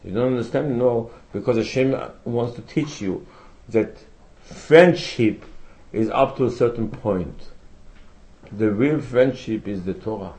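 A man's voice: mid-range voice, unhurried, dark tone, low-quality recording. Emphatic man giving a Torah class. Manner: emphatic, rhetorical questions, quotes Hebrew sources. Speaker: rabbi teaching a Torah class. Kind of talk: religious lecture.

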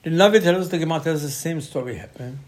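A man teaching a Torah class as an animated story. He acts out quoted voices with sudden loud bursts and mixes Hebrew terms into his English. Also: a little high, rapid-fire.

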